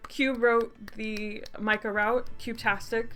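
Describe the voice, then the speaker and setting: Brief: casual woman game streamer, laughs a lot, reads story text aloud, mid pitch. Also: brisk, a bit bright, faint music behind. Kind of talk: casual let's-play narration.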